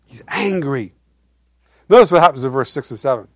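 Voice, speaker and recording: A male pastor preaching a sermon, swinging between loud emphasis and quiet asides while asking his congregation questions. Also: medium pitch, animated, a little fast, no echo, studio quality.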